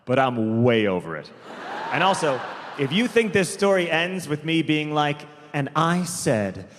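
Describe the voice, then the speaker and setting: A man's voice: on the high side, animated. Man doing stand-up in a hall. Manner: deliberate, drawn-out storytelling with sudden quick asides. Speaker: stand-up comedian. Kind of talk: stand-up comedy set. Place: large theater stage. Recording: live comedy hall with long reverb, faint crowd noise.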